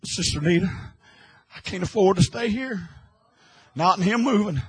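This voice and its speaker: A man preaching an impassioned sermon, swinging from hushed, quiet lines to loud, shouted ones. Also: sits high, expressive, normal speed, breathy edge, rough recording.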